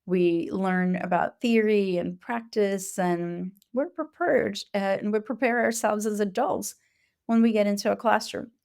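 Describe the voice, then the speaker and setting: A woman who works as a Montessori educator, giving an earnest, explanatory conference talk with frequent pauses and fillers. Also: medium pitch, vocal fry, darkish tone.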